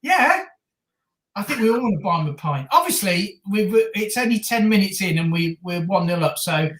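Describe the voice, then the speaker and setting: A woman co-hosting a live stream, reacting enthusiastically to a football match and shouting at big moments. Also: medium pitch, sing-song, moderate pace, reverberant. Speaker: stream co-host.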